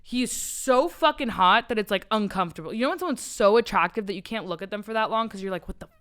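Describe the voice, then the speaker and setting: A woman's voice: mid-range voice, fast, a bit bright. A woman who is a podcast guest, telling candid, profane stories in casual chat and filling her talk with "like". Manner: candid, profane storytelling with many "like" fillers.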